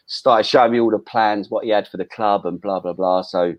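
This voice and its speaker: Chatty middle-aged Englishman, slightly low voice. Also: fairly even intonation, normal speed. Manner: chatty, frequent restarts and "um"s, swears casually. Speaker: former footballer guest. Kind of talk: casual interview storytelling.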